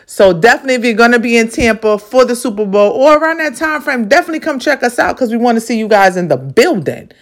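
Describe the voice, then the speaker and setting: A woman's voice: on the high side, sing-song, fast, few pauses. Emphatic, profane woman podcast host. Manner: emphatic, repetitive, profane, preacherly. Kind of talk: motivational monologue.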